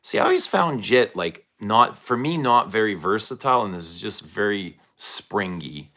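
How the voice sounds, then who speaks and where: Low-voiced guy rambling on a perfume livestream, bright forward tone. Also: moderate pace. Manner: relaxed, rambling, reads out viewer comments. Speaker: fragrance livestream host. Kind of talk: casual livestream chat answering chat.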